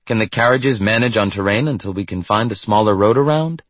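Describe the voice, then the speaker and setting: An anxious male traveler in a storybook, read by a man, asking urgent questions in a low voice. The recording is close and dry. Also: a little fast, a bit bright, no room sound.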